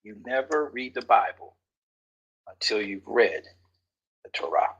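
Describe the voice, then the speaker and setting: A man leading a Bible study class, animated and teasing his listeners, sometimes dropping to a whisper for emphasis. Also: fairly low pitch, a little slow, husky, muffled recording. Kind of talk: lively Bible study teaching.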